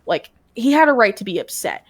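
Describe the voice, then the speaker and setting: A young woman rambles through a story in casual chat, swearing freely as she goes. Her voice sits a little high. She sounds like a guest on a live game stream. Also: sing-song, a little fast.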